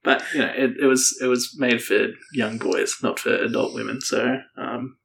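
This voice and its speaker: A man co-hosting a casual podcast, reviewing a movie in a chatty, joking way with quick asides. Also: medium pitch, steady tone, vocal fry, a bit bright, slight background noise. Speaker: podcast co-host. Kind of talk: casual chat.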